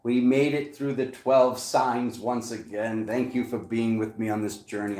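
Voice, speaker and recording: A man giving a casual, animated tarot reading for each zodiac sign as the channel's host. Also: a little slow, very noisy. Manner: animated, excitable, jumps high in pitch. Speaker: tarot reader.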